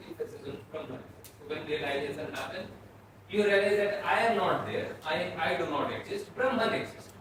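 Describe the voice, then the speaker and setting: Lecturer, male, from Bhutan; slow, repetitive explanations, distant mic in an echoey classroom. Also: a little high, a bit bright. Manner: explains slowly, repeating and restarting phrases. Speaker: philosophy lecturer. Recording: echoey room, mic far off, faint noise.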